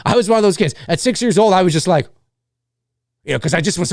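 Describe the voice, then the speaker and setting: Lively, ranting male show host. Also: high-pitched, quick pace, gravelly, no echo, studio quality. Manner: animated, exasperated, swears freely, mimics noisy kids. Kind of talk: casual ranting monologue.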